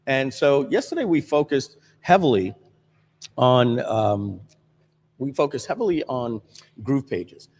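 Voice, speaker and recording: A man hosting a live software stream from a studio, talking casually with lots of fillers and restarts. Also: mid-range voice, very animated, unhurried, long reverb tail. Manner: rambling with many fillers and restarts. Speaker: livestream host.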